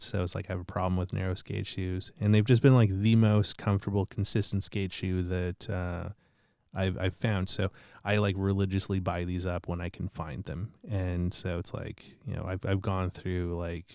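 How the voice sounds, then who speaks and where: Low-voiced man telling a profane story. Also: gravelly, a little mellow, no echo, clean studio sound. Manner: rambling, profane, self-mocking. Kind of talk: casual storytelling on a podcast.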